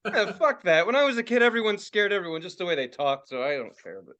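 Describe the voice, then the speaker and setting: A man's voice: high-pitched, expressive, fast, pushed and bright. A man in his forties ranting and swearing as a podcast co-host, laughing often in casual talk. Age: 40s. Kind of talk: casual profane podcast rant.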